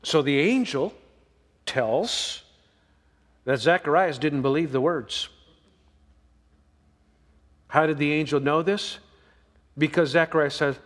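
A man's voice: on the high side, animated, slow pace, long pauses, long reverb tail. A man preaching a sermon as pastor, folksy and emphatic, drawing out the verses he reads.

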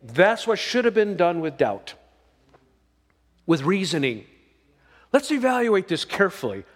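Male pastor, sermon, slow deliberate delivery, lively rising and falling pitch, folksy emphatic tone. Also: long reverb tail. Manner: folksy, emphatic preaching with drawn-out reading of verses.

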